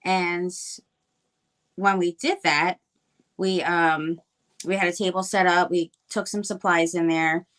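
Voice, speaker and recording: A middle-aged woman talks through her crafting on a live stream. Her voice sits fairly low, and her chat is loose and rambling, with plenty of ums and self-corrections. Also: a bit bright. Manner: chatty and rambling, with many fillers and restarts. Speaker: crafting livestream guest.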